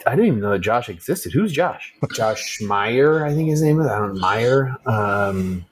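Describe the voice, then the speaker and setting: An American man co-hosts a loose podcast chat. His voice sits at an ordinary pitch. He rambles, pokes fun at himself and fills gaps with ums and uhs. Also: animated, moderate pace, a little hiss or hum. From United States. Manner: rambling and self-mocking, many fillers. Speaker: podcast co-host. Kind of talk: casual chat. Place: traveling, recording remotely.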